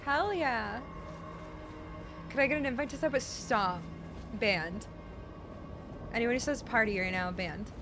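A young woman streaming a video game, chatting with her viewers, swearing and yelling at the game, then apologizing and teasing herself. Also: on the high side, measured pace, long pauses, over music. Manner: self-mocking, teasing chat. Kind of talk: casual live gameplay commentary to chat.

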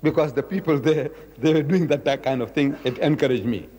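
A South African Islamic lecturer gives a dramatic public talk, acting out dialogues and firing off rhetorical questions. His voice sits on the high side, brisk and dark-toned, in a reverberant lecture hall.

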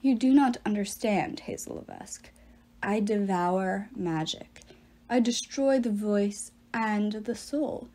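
A woman voicing a menacing giant male ghost who speaks through the mouths of others, slow, cold and gloating. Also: mid-range voice, mellow.

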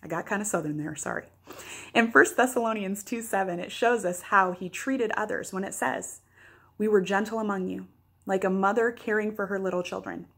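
A woman's voice: mid-range voice, a little fast, a bit bright, breathy edge. A woman pastor giving a daily devotional, teaching earnestly with playful asides.

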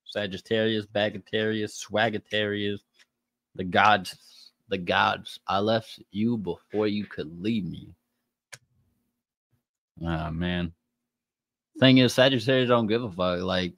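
A man's voice: lowish voice, fairly even intonation, normal speed, dry recording. A man doing a casual tarot reading by zodiac sign, talking in a slangy, profane, joking way. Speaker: tarot reader.

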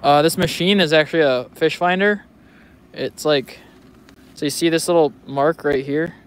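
A young man chatting casually for his vlog, rambling, joking and swearing freely. His voice is smooth and clear and a bit higher than most men's. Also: moderate pace. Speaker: vlogger.

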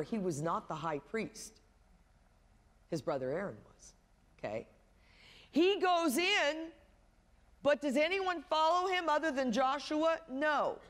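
A woman's voice: on the high side, fairly bright tone, long reverb tail. A woman pastor preaching a sermon, telling a story with humorous asides.

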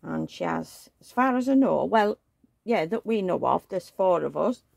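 Woman vlogger, gravelly and husky, baby-talk cooing with chatty asides. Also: on the low side, animated, normal speed, a little mellow, dry recording. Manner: coos and baby-talks, chatty gossiping asides. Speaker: reborn doll vlogger. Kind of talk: casual chat while dressing a doll.

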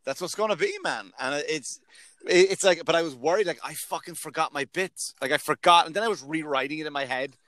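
A man's voice: a little high, a little fast, fairly bright tone, no echo. A man who is a comedian and podcast host, talking in a rambling, self-mocking way and swearing often in casual chat.

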